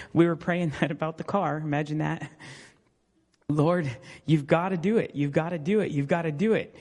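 A man's voice: fairly high pitch, a little mellow. A middle-aged man, a pastor, preaching a sermon with fervent calls of amen and hallelujah and homely stories from his family. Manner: fervent preaching with Amens and Hallelujahs, storytelling asides. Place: church sanctuary. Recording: long reverb of a church hall.

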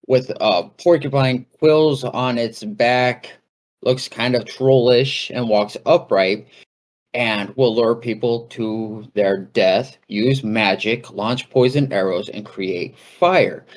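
A man hosting a casual talk on folklore, speaking conversationally with fillers and asides. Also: fairly low pitch. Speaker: podcast host.

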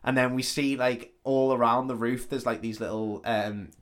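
A man talks through a film plot in a loose, rambling way, swearing freely and slipping into the characters' lines. His pitch stays flat and level throughout. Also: normal speed. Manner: sweary, rambling retelling with quoted dialogue. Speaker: podcast co-host. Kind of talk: casual film recap chat.

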